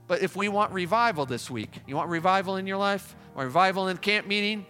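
A man's voice: high-pitched, brisk, hardly any pauses, pushed and bright, in a large hall, soft background music. A man preaching a revival sermon at a camp meeting, fervent and pleading, repeating his appeals. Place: large tabernacle.

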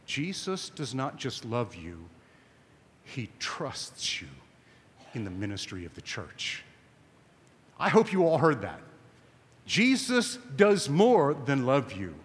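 A man's voice: medium pitch, huge pitch swings, a little slow, long reverb tail. A man preaching a sermon at a camp meeting, emphatic and conversational, often asking his listeners questions.

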